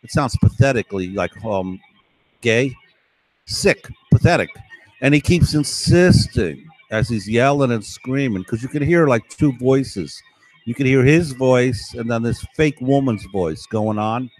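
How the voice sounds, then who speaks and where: A man's voice: medium pitch, animated, unhurried, no echo, low-quality recording. A man in a casual monologue, rambling and insistent, with an aggrieved, conspiratorial tone that keeps checking in with "right?".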